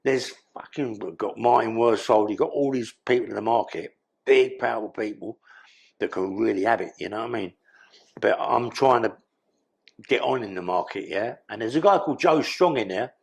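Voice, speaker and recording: Older london geezer telling stories, gravelly and husky, low voice, swears a lot. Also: male voice, moderate pace. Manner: blunt streetwise storytelling, swears freely. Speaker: guest. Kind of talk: storytelling interview.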